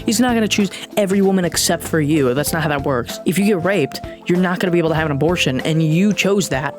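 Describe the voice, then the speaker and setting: A woman delivers an off-the-cuff rant straight to camera, sarcastic and scornful, with plenty of swearing. Her delivery is blunt and heated, and soft music plays faintly underneath. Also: lowish voice, fast. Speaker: political commentary vlogger.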